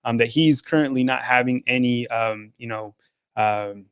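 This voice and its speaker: A man hosting a sports call-in show, talking in a hesitant, halting way with frequent restarts. His voice sits at a middle pitch and sounds dry and close to the mic. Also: smooth, dry recording. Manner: hesitant, many fillers and restarts. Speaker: host.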